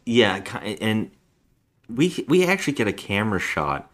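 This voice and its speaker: A man's voice: lowish voice, very animated, measured pace, a bit bright. A man hosting a casual podcast, rambling through a movie plot and acting out the scenes. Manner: rambling, acts out scenes in voices. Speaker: podcast host. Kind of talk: casual film review chat.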